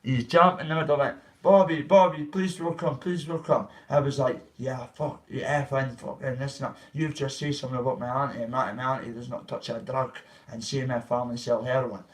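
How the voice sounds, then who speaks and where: A man's voice: medium pitch, steady tone, brisk, few pauses. Guy on a livestream, rambling and swearing through a story, mic kinda far off. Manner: rambling, profane, acts out quoted voices. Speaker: vlogger.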